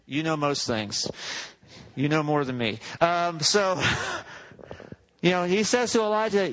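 A man's voice: a little high, slow, long pauses, fairly bright tone, poor audio. A male pastor preaching a sermon in a conversational, joking way, often correcting himself mid-sentence.

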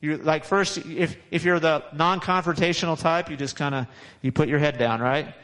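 A man's voice: a little high, steady tone, moderate pace, a bit bright, low-quality recording. A man preaching a sermon in a conversational, repetitive way, with frequent restarts and chuckles. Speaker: pastor.

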